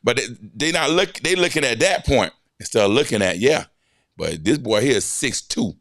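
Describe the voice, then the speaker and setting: A man's voice: mid-range voice, animated, moderate pace, fairly bright tone, no room sound, clean studio sound. A man hosting a coaching podcast, making his points emphatically and checking in with repeated questions. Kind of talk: podcast conversation.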